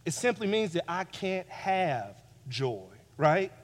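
A male pastor preaches with a high voice, driving home repeated phrases. He drops to near-hush, then swells loud again. His clip-on mic sits in a church hall with a long, lingering reverb. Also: very animated, slow pace. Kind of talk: sermon. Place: church sanctuary.

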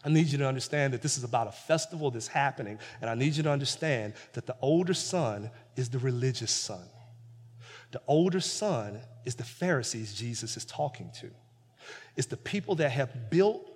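A man's voice: medium pitch, lively intonation, moderate pace, slightly rough. A man preaching a sermon as pastor, talking conversationally with lots of repetition and building to emphatic points. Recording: long hall reverb.

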